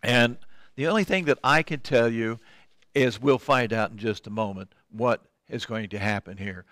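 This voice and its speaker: A man's voice: medium pitch, animated, moderate pace, fairly bright tone, no room sound, clean studio sound. An older man teaching a Bible study, reading scripture aloud and commenting in a conversational way, with frequent ums and restarts.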